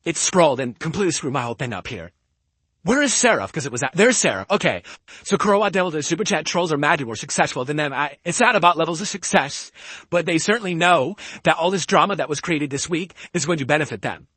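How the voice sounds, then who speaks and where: Guy streamer reading donos, voice changer on, kinda high bright husky voice, super defensive and rambly. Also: lively intonation, fast talker, dry recording. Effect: voice changer altering his voice. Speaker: live streamer. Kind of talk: reading viewer donations on a live stream.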